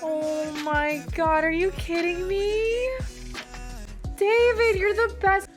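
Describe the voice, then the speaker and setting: A woman's voice: very high-pitched, little pitch movement, slow pace. A young woman streaming live, gushing and exclaiming as she thanks her viewers. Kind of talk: excited livestream chat with viewers. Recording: loud background music.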